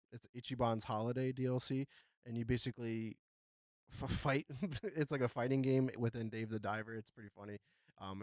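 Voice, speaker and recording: A young man hosting a podcast, chatting casually about gaming news with a relaxed, rambling delivery full of fillers. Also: on the low side, smooth, no room sound, studio quality. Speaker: podcast host.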